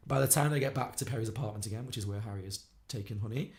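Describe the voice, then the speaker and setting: A man on a podcast, retelling a film plot quickly and acting out the characters' lines. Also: fairly low pitch, a little mellow. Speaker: podcast co-host. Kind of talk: casual film podcast recap.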